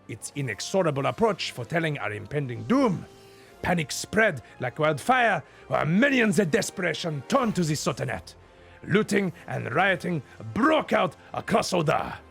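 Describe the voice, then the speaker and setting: A man's voice: on the high side, sing-song, normal speed, gravelly, a bit bright, soft background music, exaggerated voice. Man doing a pompous French curator. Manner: theatrical, mock-refined put-on accent. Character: pompous French-style male exhibition curator.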